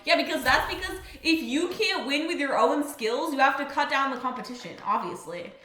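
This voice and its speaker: Bright excitable young woman streamer. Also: high-pitched, fairly quick. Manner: chatty, excitable, rambling with fillers. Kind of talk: casual live-stream chat. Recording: roomy echo with faint music.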